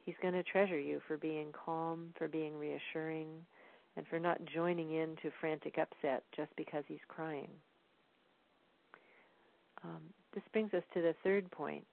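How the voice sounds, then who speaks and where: Low gravelly woman, tinny phone-like sound. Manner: calm, explanatory, frequent "um" fillers. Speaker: parenting educator. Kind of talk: instructional talk.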